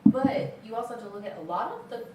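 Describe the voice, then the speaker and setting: A woman's voice: fairly high pitch, expressive, quick pace, crowd noise. A woman co-host in a casual chat, giving her opinions in a chatty way. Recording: roomy, distant mic with background noise.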